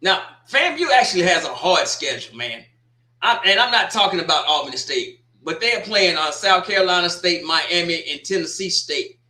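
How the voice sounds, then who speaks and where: A man's voice: sits high, lively intonation, moderate pace, sharp tone, roomy sound. A man hosting a sports talk show, rambling through a casual opinion monologue with folksy asides.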